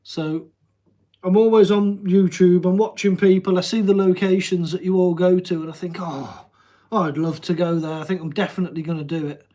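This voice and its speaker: A man's voice: sits high, fairly even intonation, fairly quick, dark tone. Easygoing man with a Midlands twang. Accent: Midlands English, Telford, with a slight Welsh tinge. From Telford, English Midlands. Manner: chatty, easygoing, jokey, with frequent "um" and "yeah". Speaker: livestream host. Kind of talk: casual livestream chat answering viewer comments.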